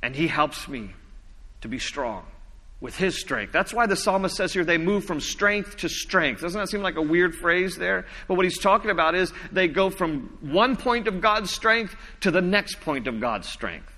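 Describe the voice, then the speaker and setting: A man preaching a sermon as pastor, reading scripture slowly and dropping low and soft for emphasis. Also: expressive, in a large hall.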